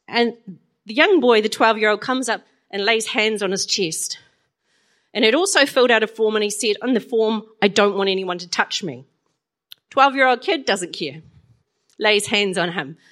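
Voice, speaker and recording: A woman's voice: a little high, a bit bright. Chatty woman preaching with stories. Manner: chatty, storytelling, laughs often. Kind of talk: sermon.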